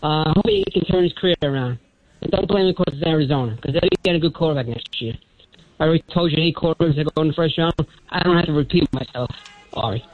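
A man's voice: fairly high pitch, fast talker. Older man with a thin helium voice. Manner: rambling, jumps between topics. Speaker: caller. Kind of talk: rambling call-in sports talk. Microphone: phone. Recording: muffled phone-line call.

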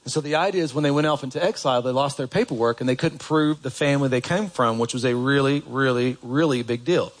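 A man's voice: mid-range voice, fast talker, hardly any pauses. A man preaching a sermon in a church, talking in a conversational way and putting questions to the congregation. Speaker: pastor.

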